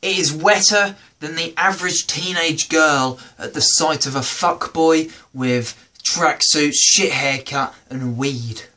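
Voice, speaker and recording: A man's voice: on the high side, takes it slowly, hardly any pauses. A man with a British accent hosting a comedy show, performing a stand-up routine and acting out the voices of people in his stories. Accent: British English. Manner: animated, acts out quoted voices. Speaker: comedy podcast host.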